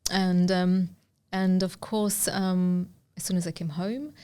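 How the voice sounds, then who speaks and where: A woman's voice: on the low side, little pitch movement, takes it slowly, mellow, clean tone. A middle-aged woman from Uzbekistan, a guest telling a personal story in an interview, earnest and hesitant with many fillers.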